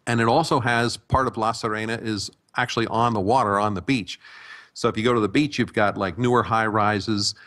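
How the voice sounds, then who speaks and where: A man in his sixties with an American accent talks through his travels at an easy pace, circling back and restarting his sentences. His voice sits low. He sounds like a guest in a casual interview. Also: fairly quick. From United States. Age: 60s. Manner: relaxed storytelling with frequent restarts. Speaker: guest, retirement abroad expert. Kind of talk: conversational interview.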